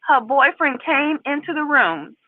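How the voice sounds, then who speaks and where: Animated woman ranting over a tinny line. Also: high voice, a little slow. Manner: animated, talks straight to viewers, lots of repeated emphasis. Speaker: commentary channel host. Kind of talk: casual opinion commentary. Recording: tinny phone-like sound, dry.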